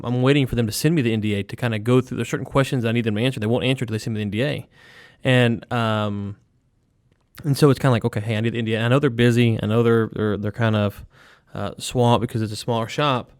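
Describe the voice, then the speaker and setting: Smooth-voiced man co-hosting a business podcast. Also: medium pitch, no room sound, clean studio sound. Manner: chatty, jokey, trails off with fillers. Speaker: podcast co-host. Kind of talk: casual business chat.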